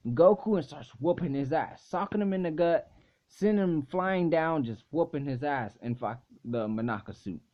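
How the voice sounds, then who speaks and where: A young man casually recapping an anime episode in a rambling way, full of swearing and filler words. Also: a little high. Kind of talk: casual video review recap. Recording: dull lo-fi recording.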